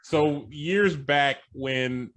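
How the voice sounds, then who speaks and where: Blunt wisecracking man, slightly high voice. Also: drawn-out words, fairly bright tone. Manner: blunt, wisecracking, with mild swearing. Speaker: podcast co-host. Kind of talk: casual chat.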